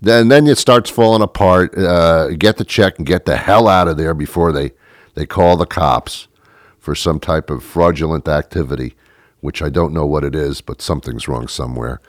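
A man rambles through a comic monologue of tongue-in-cheek advice. His voice sits extremely low. The sound is dry and close, with no room around it. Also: moderate pace, no room sound. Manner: rambling, joking, conspiratorial advice. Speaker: comedic monologue host.

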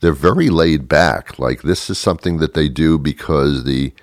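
A man's voice: rumbling low, moderate pace, no echo. A man hosting a radio show, rambling through a dry, self-mocking comic monologue and chuckling as he goes.

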